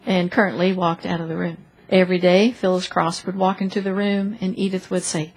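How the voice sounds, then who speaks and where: A woman's voice: on the low side, brisk, few pauses, rough recording. Woman reading a story aloud in church. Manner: expressive, acting out the characters' lines. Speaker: reader of a story in a church service.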